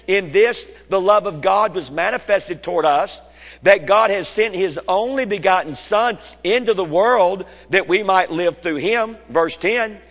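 Male preacher with a high voice, slow and emphatic, recorded lo-fi in a church sanctuary. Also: fairly bright tone. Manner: slow, deliberate, emphatic phrasing. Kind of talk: expository sermon. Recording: dull lo-fi sound in a reverberant hall.

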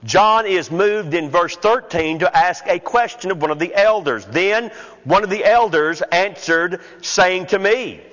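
A man preaching a sermon, working slowly and deliberately through the text point by point. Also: high voice, expressive, fairly bright tone. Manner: slow, deliberate expository preaching with counted points. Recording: muffled sound with long hall reverb.

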